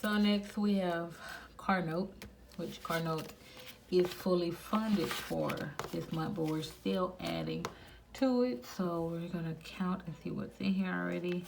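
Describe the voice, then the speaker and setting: Gravelly woman murmuring cash counts. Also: on the low side, steady tone, measured pace. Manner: murmurs counts quietly, chatty asides to viewers. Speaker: budgeting channel host. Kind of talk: casual budgeting vlog, counting cash aloud. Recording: noisy home recording.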